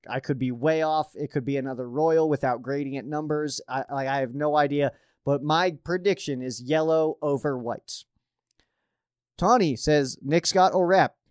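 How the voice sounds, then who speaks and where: A young man from Colorado, the host of a fan stream, reads out viewer questions and answers them in a rambling, excitable way, and he gets worked up easily. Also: on the high side, clean tone, dry recording, clean studio sound. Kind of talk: casual livestream chat.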